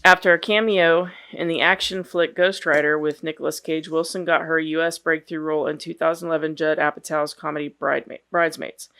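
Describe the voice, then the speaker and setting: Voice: mid-range voice, little pitch movement, brisk, hardly any pauses, sharp tone, clean tone. Casual podcast co-host, dry and teasing, reads copy plainly. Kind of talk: casual podcast chat, reading a bio aloud.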